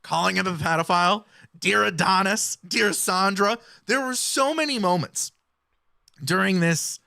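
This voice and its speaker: Bright, dry-voiced male hip-hop commentator. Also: sits high, a little slow, creaky, no echo. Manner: earnest, explanatory, quotes lyrics. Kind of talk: analytical commentary.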